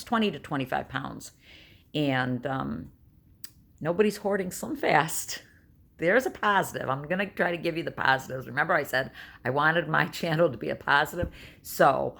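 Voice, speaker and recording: Her voice is deep, creaky and fairly bright: a woman in her 60s from New York State, vlogging at home. She is a chatty storyteller, blunt and emphatic, in a casual monologue.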